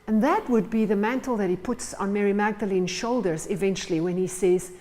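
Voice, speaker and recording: A woman preaches a sermon in church, retelling stories and acting out the scenes. Her medium-pitched, dark-toned voice moves fairly quickly with lively intonation and hardly any pauses, on a rough recording.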